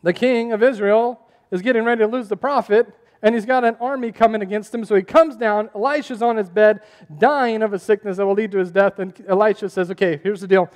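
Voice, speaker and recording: A man preaching a sermon as pastor, animated and asking the congregation questions as he goes. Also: sits high, brisk, long reverb tail.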